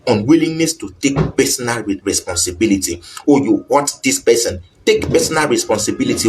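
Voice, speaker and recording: A man's voice: medium pitch, lively intonation, a little fast, slight background noise, low-quality recording. A man giving an earnest, repetitive talk on marriage. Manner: earnest, repetitive, acts out little quoted exchanges. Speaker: relationship teacher.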